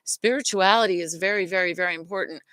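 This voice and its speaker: A fast-talking middle-aged woman with a lowish, fairly bright voice hosts a self-worth lesson. Her teaching is casual and earnest, with frequent stops to restart or correct herself, and there's no echo.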